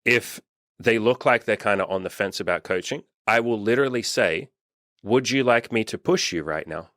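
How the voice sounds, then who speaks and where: A man's voice: fairly low pitch, normal speed, a bit bright, no room sound, studio quality. A young man who works as a dating coach, talking bluntly and swearing freely in a casual podcast chat, acting out quotes in a raised voice. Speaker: dating coach and channel host.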